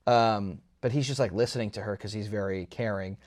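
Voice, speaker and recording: A young man co-hosting a casual movie review podcast, retelling scenes in an animated, jokey way. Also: fairly low pitch, brisk. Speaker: podcast co-host.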